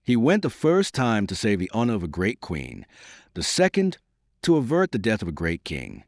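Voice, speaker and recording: A man reading the lines of a calm, dignified nobleman in an audiobook. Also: fairly low pitch, normal speed, no echo, clean studio sound. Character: dignified proud nobleman, calm, middle-aged.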